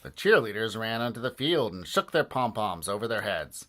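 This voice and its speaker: Lively man reading a children's book aloud. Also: lowish voice, moderate pace, a little hiss or hum. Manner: animated, playful delivery with many voices. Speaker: storybook reader.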